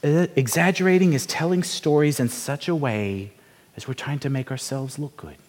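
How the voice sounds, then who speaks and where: A man's voice: fairly high pitch, moderate pace, darkish tone. A man preaching a sermon, telling a story and asking the congregation rhetorical questions in a conversational way. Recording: reverberant hall.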